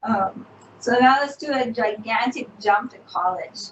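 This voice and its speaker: A woman's voice: a little high, a little slow, a bit bright, highs cut off. Woman host asking questions, lots of ums, echoey room, mic kinda far off, little hiss. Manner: hesitant, many fillers. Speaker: interview host. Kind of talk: casual interview. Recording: roomy, distant mic, faint noise.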